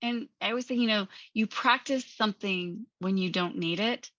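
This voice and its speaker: A woman hosting a podcast, talking in an animated, emphatic coaching manner and laughing often. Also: medium pitch, moderate pace, no echo, dull audio. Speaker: podcast host. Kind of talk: conversational coaching talk.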